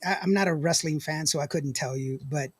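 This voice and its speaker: Husky laid-back man hosting a podcast. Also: a little high, a little fast, no echo. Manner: laid-back, reads viewer comments aloud. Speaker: podcast host. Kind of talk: casual podcast chat.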